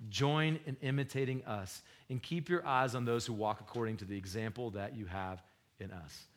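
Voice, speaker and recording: A man preaching a sermon in a conversational, slangy way, swinging between loud bursts and hushed, low retellings of scripture. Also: normal speed. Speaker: pastor.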